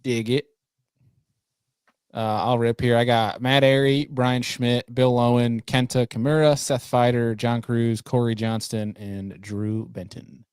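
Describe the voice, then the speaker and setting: A man's voice: medium pitch, flat delivery, unhurried, darkish tone, clear, resonant tone, dry recording. Chill guy hosting a fishing podcast, laughs a lot, dry close mic. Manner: laid-back, laughs often, leads the picks. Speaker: podcast host. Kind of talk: casual group chat.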